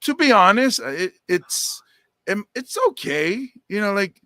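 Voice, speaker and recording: A man co-hosting a podcast talks in an animated, joking way, tossing in quick asides. His voice is a touch high. The recording is dry and close. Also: no echo. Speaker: podcast co-host. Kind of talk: casual chat.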